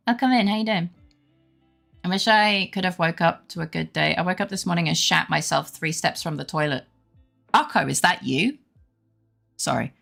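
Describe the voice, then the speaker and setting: A woman's voice: fairly low pitch, lively intonation, normal speed, creaky, fairly bright tone. A young woman streaming, chatting casually and rambling fondly about her dog while greeting her chat. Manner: baby-talk voice toward her dog. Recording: faint background music.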